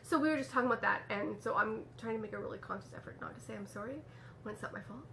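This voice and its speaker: A woman's voice: mid-range voice, very fast, gravelly, a bit bright. Chatty canadian woman, knitting podcast host, casual home chat, faint room hiss. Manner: chatty, rambling with fillers and restarts. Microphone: camera mic.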